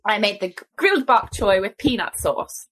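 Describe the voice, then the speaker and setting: A woman's voice: medium pitch, lively intonation, normal speed. A young woman with an Irish accent, co-hosting a casual podcast chat about a cookbook, chatty and laughing often. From Ireland. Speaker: podcast co-host.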